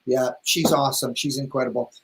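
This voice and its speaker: A man's voice: medium pitch, steady tone, brisk, fairly bright tone. A man hosting a casual video interview, effusive and affectionate with his guest. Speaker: host.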